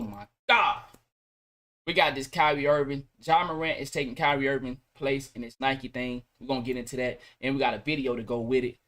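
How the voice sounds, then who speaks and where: A man with a fairly high voice hosts a podcast live stream, telling stories in loose, animated, casual talk packed with slang and repetition.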